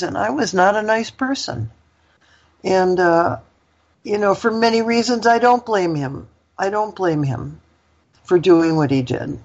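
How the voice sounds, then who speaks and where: A woman's voice: fairly low pitch, slightly rough, highs cut off. An older woman, a guest, telling a personal story in a candid, rambling way, with lots of fillers and laughter.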